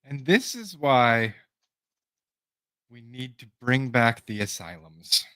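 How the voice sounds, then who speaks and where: A man's voice: medium pitch, big pitch swings, takes it slowly, fairly bright tone, clean tone, no echo. A man chatting casually as a podcast co-host, dropping dry, wry remarks. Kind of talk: casual chat.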